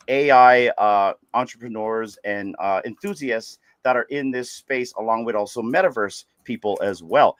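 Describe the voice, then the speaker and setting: A man co-hosting a livestreamed podcast, hoarse from losing his voice, talking in an upbeat, loose way with casual swearing. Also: medium pitch, fairly bright tone, no room sound. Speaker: podcast co-host.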